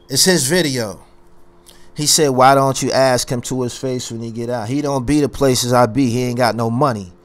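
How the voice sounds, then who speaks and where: A man's voice: mid-range voice, normal speed. A man ranting on his own commentary channel, boastful and confrontational, hammering his points by repeating phrases. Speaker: YouTube commentary host.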